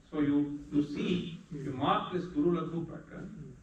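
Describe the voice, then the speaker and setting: A man teaching a class, explaining patiently step by step and chanting verses slowly. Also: a little high, a little mellow. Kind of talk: lecture on Sanskrit meter. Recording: echoey room, distant mic.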